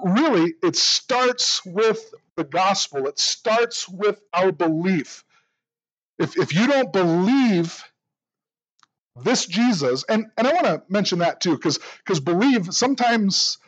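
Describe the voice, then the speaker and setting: Man preaching, earnest, high voice, stumbles over words at the start of phrases, dry dull sound. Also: no room sound. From United States. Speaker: pastor. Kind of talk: sermon.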